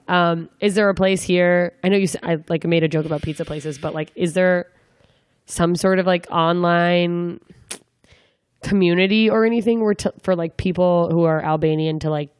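A woman's voice: on the low side, fairly even intonation, normal speed, darkish tone, clear, resonant tone, no room sound. A young woman interviewing a guest in a casual, joking way, full of rambling asides.

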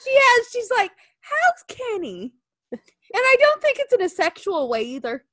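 Female co-host, casual chat, bouncy high voice with lots of swing, recorded dry. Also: dry recording. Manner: animated, quick, profane storytelling with impressions. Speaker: podcast co-host.

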